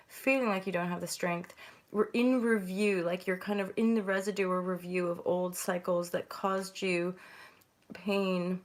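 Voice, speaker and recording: Chatty woman reading tarot. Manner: chatty, rambling, bursts into higher greetings. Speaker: host and tarot reader. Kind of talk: casual intuitive tarot reading.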